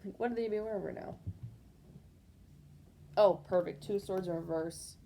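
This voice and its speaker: A woman's voice: mid-range voice, normal speed, warm tone, a little hiss or hum. A woman doing a casual pick-a-card tarot reading, rambling and speaking intuitively to viewers with lots of fillers.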